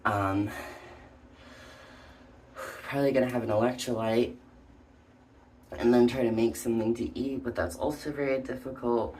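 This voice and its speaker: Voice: mid-range voice, steady tone, normal speed, pauses often, darkish tone, a little hiss or hum. A vlogger talking casually and hesitantly, out of breath, with many ums and likes. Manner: hesitant, full of "um" and "like". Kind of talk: casual personal vlog.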